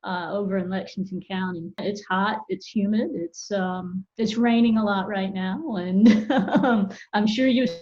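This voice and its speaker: A woman from Florida speaks as a guest professor over a video call, articulate and easygoing with quick laughs. Her voice sits mid-range, and the call audio sounds a little dull. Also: medium pitch, fairly even intonation, darkish tone. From Florida, United States. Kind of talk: casual video-call interview.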